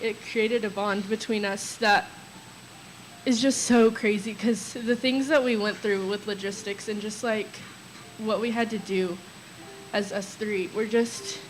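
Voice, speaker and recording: A woman's voice: mid-range voice, low-quality recording. A young woman sharing nervous, chatty memories of a friend at a memorial, laughing through her stories. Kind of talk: memorial tribute, storytelling.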